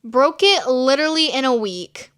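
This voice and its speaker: A woman's voice: high-pitched, expressive, moderate pace, a bit bright, clear, resonant tone, no room sound, studio quality. A woman vlogger reading viewer dating stories aloud and reacting, swearing freely and laughing often. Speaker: storytime vlogger.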